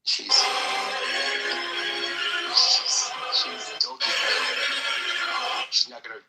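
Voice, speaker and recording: A man who speaks haltingly and reads a children's storybook aloud, slipping into a whispery delivery. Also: pushed and bright, soft background music, poor audio.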